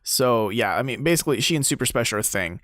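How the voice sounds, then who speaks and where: Young dude podcast cohost, laid back, lots of ums and likes, dry sound. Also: male voice, mid-range voice, fast, dry recording. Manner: relaxed, filler-heavy, recaps the story. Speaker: podcast co-host. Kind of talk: casual game discussion.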